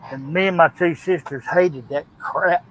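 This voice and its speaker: A man's voice: on the high side, unhurried, a little hiss or hum, poor audio. A man in his fifties, a regular on a live stream, chatting casually with brief replies and laid-back reminiscing. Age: 50s. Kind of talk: casual chat.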